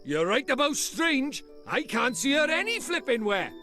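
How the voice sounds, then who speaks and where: A man's voice: extremely high pitch, sing-song, moderate pace, sharp tone, full character voice. A man voicing a cheeky, boastful little male fairy in a video game. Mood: puzzled. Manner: chatty, slangy, teasing. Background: game music.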